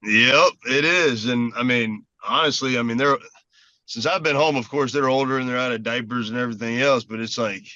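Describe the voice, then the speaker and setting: A man's voice: medium pitch, fairly even intonation, moderate pace, bright, forceful tone, no room sound, muffled recording. A man from South Carolina, an easygoing former ballplayer chatting as a guest from a parked car. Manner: easygoing, laughs often. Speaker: guest, former baseball player. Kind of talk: casual interview.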